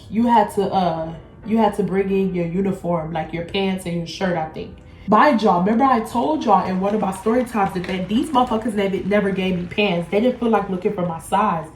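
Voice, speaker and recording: A woman's voice: medium pitch, normal speed, darkish tone, slight background noise. Young woman telling a blunt, profane story. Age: young adult. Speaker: vlogger. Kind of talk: casual storytime. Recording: echoey room, faint music.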